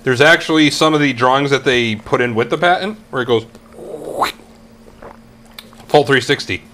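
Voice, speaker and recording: A man's voice: medium pitch, normal speed, pushed and bright, a little hiss or hum. A man co-hosting a casual comedy tech-news show, reading out items and teasing his co-hosts. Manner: steers back to news items, dry teasing. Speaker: co-host.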